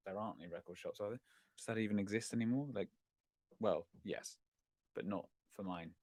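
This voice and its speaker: A middle-aged man hosts a casual live chat stream, answering viewer questions in a rambling way, correcting himself and poking fun at himself. His voice is lowish, and the recording is dry.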